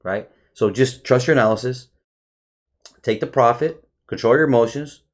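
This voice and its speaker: A man giving a casual, excitable chart review for viewers, swearing often and calling them bro. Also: mid-range voice, normal speed. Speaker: trading educator.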